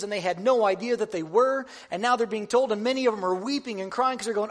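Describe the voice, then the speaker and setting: A man's voice: high voice, fast talker, few pauses. A man giving a sermon in a conversational, self-deprecating way, often restarting his sentences. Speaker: preacher.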